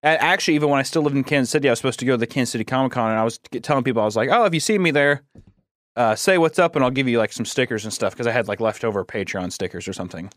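A man's voice: mid-range voice, very fast, fairly bright tone, no echo, studio quality. A man guesting on a podcast, telling rambling, self-conscious stories in casual chat.

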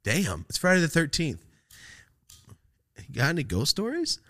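A young man's voice, on the high side and at a moderate pace, comes from a California podcast host. He chats casually and tells stories with animation, laughing a lot and cursing constantly.

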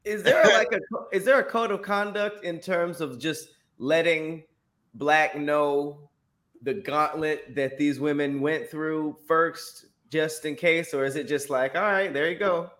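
A man with a fairly high, bright, sharp voice co-hosts a casual podcast. He speaks slowly and asks wry, amused questions. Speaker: podcast co-host.

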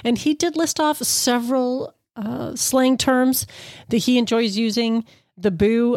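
A woman's voice: mid-range voice, a little mellow, no echo, clean studio sound. A woman hosting a podcast, chatting casually with playful asides while introducing listener submissions. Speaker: podcast host.

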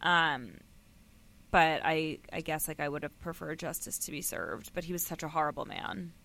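A woman's voice: sits low, moderate pace, gravelly, pushed and bright. A woman co-hosting a casual book club podcast, blunt and emphatic, with some swearing. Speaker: podcast co-host.

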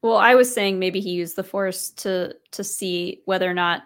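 Female co-host, mid-pitched, relaxed live-stream chat. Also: moderate pace. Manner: relaxed, light laughs, thinks aloud. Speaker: podcast co-host.

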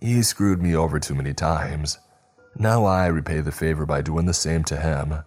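A man voicing a bitter, vengeful male killer who taunts and shouts. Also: rumbling low, normal speed, faint music behind.

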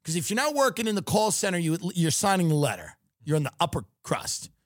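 A man's voice: a little high, big pitch swings, quick pace, no room sound, clean studio sound. A man riffing sarcastically in a comedic rant, swearing freely.

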